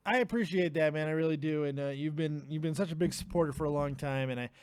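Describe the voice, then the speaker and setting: A man's voice: a little high, quick pace, a little mellow, clear, resonant tone, no room sound. A man hosting a live call-in stream, chatting casually, laughing often and swearing freely. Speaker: livestream host taking calls.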